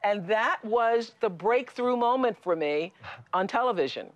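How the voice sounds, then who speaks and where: A middle-aged woman hosting a studio talk show, telling stories in a lively way with frequent restarts. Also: a little high, measured pace, no echo, dull audio. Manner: lively and storytelling, with many restarts and laughs. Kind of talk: studio conversation with a guest. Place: television studio.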